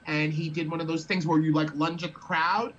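A man's voice: a little high, level tone, brisk, a bit bright, highs cut off. A man guest telling a story in a casual, rambling way, often repeating words as he thinks.

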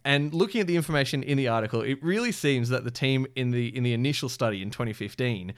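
A man's voice: mid-range voice, fast. Rambling, amused man. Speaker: podcast co-host. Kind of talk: casual chat.

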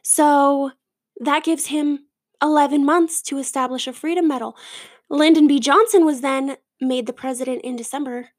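A young adult woman hosting a podcast, chatting and ranting in a lively, animated way. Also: high voice, normal speed, no room sound. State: out of breath. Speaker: podcast host. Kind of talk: casual chat.

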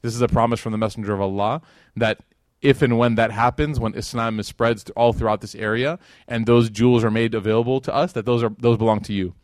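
A man delivers a relaxed religious lecture at a brisk clip, keeping it conversational. He leans on "like" and "right?" and slips into the voices of the people in his stories. The sound is dry and close, with no room around it. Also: mid-range voice, dry recording. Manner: conversational, acts out quotes, many "like" and "right?". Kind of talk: casual religious lecture with storytelling.

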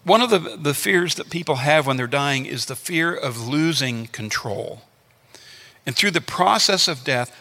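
A male preacher with a bright, forceful, gravelly voice delivers an earnest teaching sermon, circling back to his phrases for emphasis. The sound rings with a long reverb, like a big hall. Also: medium pitch.

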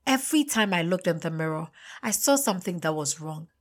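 Expressive young woman telling her story. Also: fairly low pitch, fairly quick. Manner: expressive, confiding. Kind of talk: first-person story narration.

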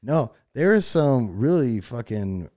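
A man's voice: medium pitch, very animated, slow, darkish tone. Regular-voiced guy cracking jokes and cussing on a chill podcast. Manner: joking, profane banter. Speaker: podcast co-host. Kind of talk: casual chat.

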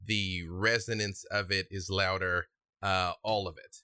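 A man narrating a tabletop game as game master, calmly describing scenes and calling for checks. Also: deep voice, measured pace, no echo, clean studio sound. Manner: calm, descriptive, with rulings.

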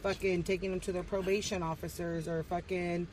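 A woman's voice: fairly low pitch, level tone, a little fast, darkish tone, recorded from a distance, slight background noise, rough recording. Blunt, foul-mouthed woman telling stories. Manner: blunt, heavy swearing, mixes in Spanish. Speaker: podcast guest. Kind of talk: casual, profane storytelling.

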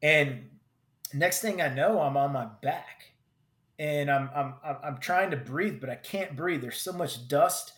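A combat veteran telling a personal story in vivid, halting bursts with many restarts. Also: male voice, a little high, a bit bright. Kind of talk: personal story told in conversation. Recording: roomy echo.

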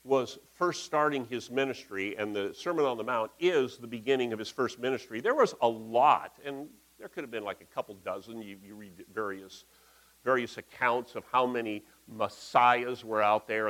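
A man's voice: lowish voice, moderate pace, fairly bright tone, low-quality recording. A man giving a conversational, folksy sermon in a church, talking through slides with asides. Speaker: pastor.

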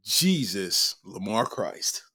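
A man's voice: fairly low pitch, big pitch swings, takes it slowly, pushed and bright, slightly rough, no echo, studio quality. A man hosting a comedy podcast, talking in loose slang with frequent laughter and an irreverent tone. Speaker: podcast host. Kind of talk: casual comedic commentary.

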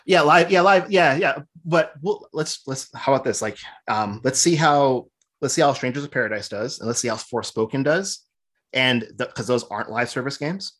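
A man's voice: mid-range voice, expressive, moderate pace, fairly bright tone. A man co-hosting a podcast in casual chat, rambling through opinionated game critique. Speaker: podcast co-host.

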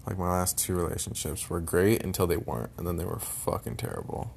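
A young man venting in a personal vlog, frustrated and bitter, swearing constantly and sometimes trailing off into low mutters. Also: fairly even intonation, fairly quick, gravelly, darkish tone, a little hiss or hum.

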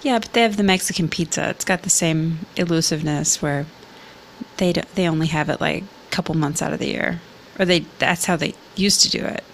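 A woman's voice: sits low, brisk, slight background noise. A woman co-hosting a live internet show, chatting matter-of-factly and laughing often. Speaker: podcast co-host. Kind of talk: casual live-show banter.

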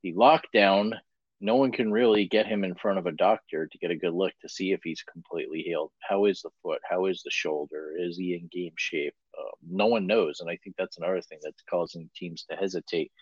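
Deep-voiced man talking football, muffled. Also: steady tone, slightly rough, no echo. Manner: brisk, analytical, asks rhetorical questions. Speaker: co-host. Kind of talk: casual sports talk. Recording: dry, muffled lo-fi audio.

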